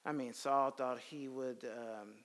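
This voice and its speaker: A man teaching the Bible in a lively sermon style, telling stories and acting out quotes. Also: mid-range voice, takes it slowly. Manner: animated storytelling, slips into character voices. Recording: long hall reverb.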